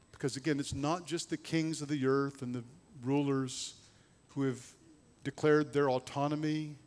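A man preaching a sermon, swinging between loud emphasis and low, hushed passages. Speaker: pastor.

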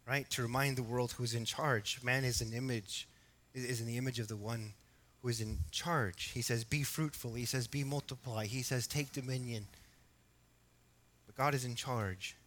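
A man preaching an expository sermon, emphatic at times and quiet at others, asking his congregation questions. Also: medium pitch. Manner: emphatic, rising to loud exhortation, then quiet and reflective. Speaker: pastor.

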